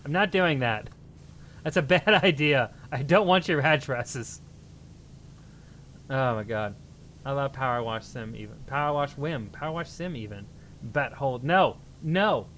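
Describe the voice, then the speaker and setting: A man streaming live, chatting casually and bantering excitably with his chat, sometimes yelling in mock outrage. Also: medium pitch, unhurried, slight background noise.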